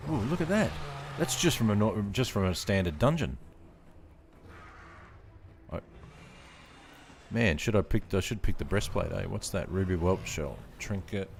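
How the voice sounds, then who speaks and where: A man streaming a game live, chatting with viewers, laughing often and reacting out loud. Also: low voice, expressive, moderate pace, vocal fry, pauses often, background noise. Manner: laughs often, chats to viewers while playing. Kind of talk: casual live-stream chat. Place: home room.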